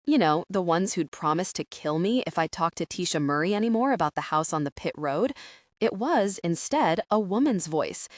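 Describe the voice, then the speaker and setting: Wry, expressive woman narrating an audiobook. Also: fairly low pitch, normal speed, no echo, studio quality. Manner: wry, conversational storytelling. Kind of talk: first-person audiobook narration.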